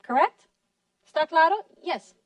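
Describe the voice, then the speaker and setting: A woman teaching a class, slowly and clearly modeling sentences and praising her students. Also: very high voice, expressive, dry recording, distant mic, dull audio. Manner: slow, deliberate, encouraging, models sentences clearly. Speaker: English teacher. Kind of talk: classroom lesson in two languages.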